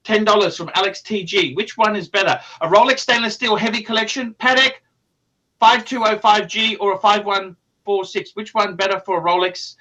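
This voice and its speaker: A man hosts a loose, casual livestream, reading donations aloud between rants. He talks in excitable, profane bursts. His voice sits high and sounds bright and sharp. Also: normal speed. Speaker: livestream host.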